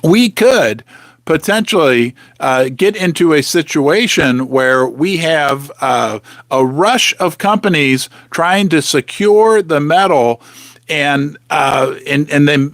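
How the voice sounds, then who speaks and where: A man hosting a casual live stream, talking with many restarts and rhetorical questions, clearing his throat as he is losing his voice. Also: fairly high pitch, a bit bright, dry recording. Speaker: host of a live precious-metals stream.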